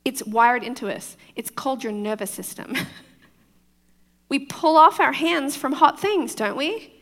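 Woman pastor, foreign accent, bright-ish voice, chatty sermon in an echoey hall. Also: high voice, a little slow. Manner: chatty, often checks in with the crowd, laughs easily. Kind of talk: conversational sermon.

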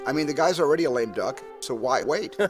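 A man's voice: mid-range voice, expressive, quick pace, lightly acted. A man in a comedy sketch playing a famous film director, speaking with dry, wry humor over music.

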